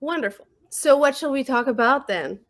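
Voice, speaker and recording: A woman with a French accent, co-hosting a podcast in casual chat, animated and giggly with quick asides, on a remote call mic. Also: high-pitched. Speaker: podcast co-host.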